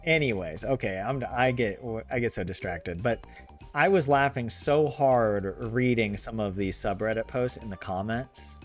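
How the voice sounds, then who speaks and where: A man's voice: medium pitch, lively intonation, a little slow, soft background music. A man streaming a farming game, chatting casually with viewers in a rambling way and laughing often. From United States. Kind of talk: casual chat with live viewers.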